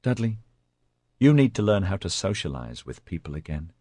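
A man's voice: low voice, very animated, moderate pace, darkish tone, dry recording. A man voicing a weary, guarded young woman. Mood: patient. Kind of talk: audiobook character voice.

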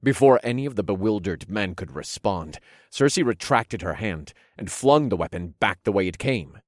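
A man with a very deep voice narrates a dark fantasy audiobook in a dramatic storytelling manner. The recording is dry and close, with no room sound. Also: expressive, moderate pace, no echo.

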